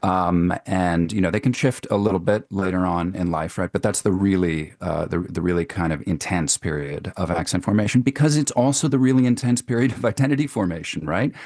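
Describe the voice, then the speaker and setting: Deep-voiced man, animated dialect coach. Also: a little fast, few pauses, no echo, studio quality. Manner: animated, repeats words. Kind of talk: expert radio interview.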